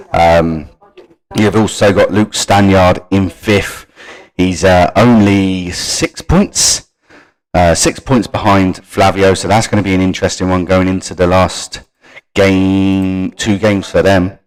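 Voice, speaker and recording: A man's voice: low-pitched, low-quality recording. A man hosting a live gaming stream. He runs through league standings and stats and talks casually to his viewers. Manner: reads league stats off screen and chats to viewers. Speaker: stream host.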